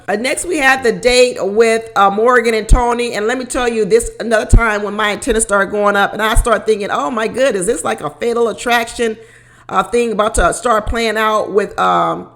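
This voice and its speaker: Chatty woman recapping a dating show, higher voice, laughs a lot, keeps repeating herself. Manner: animated, laughs often, repeats phrases. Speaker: reality show recap host. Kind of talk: casual commentary.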